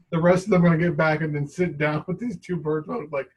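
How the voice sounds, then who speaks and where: A tabletop game player chatting playfully with soft asides. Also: mid-range voice, lively intonation, brisk, breathy edge. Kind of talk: casual chat at a tabletop game.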